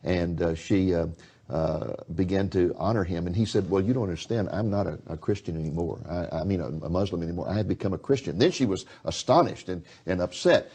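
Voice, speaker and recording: A man's voice: low voice, a little fast, warm tone, breathy edge. A man hosting a religious TV interview, talking to viewers in a folksy way with many fillers. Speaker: TV host.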